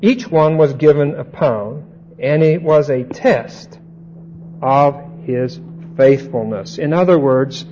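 Male Bible teacher, unhurried and repetitive, slightly high voice, dull recording with faint hum. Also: dark tone. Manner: unhurried, repeats points and checks understanding with "okay?".

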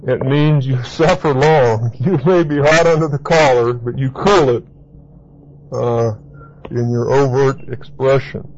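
A man's voice: medium pitch, measured pace. A man preaching a Bible teaching sermon, repeating key words for emphasis and spelling out Greek terms. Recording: dull lo-fi recording with faint hiss.

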